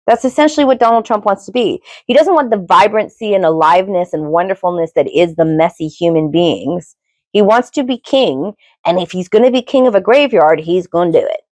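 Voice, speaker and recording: A middle-aged woman co-hosting a podcast, chatting in a rambling, opinionated way, with sudden jumps in pitch. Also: animated, a little fast, a little mellow, dry recording. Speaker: podcast co-host. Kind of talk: casual opinionated chat.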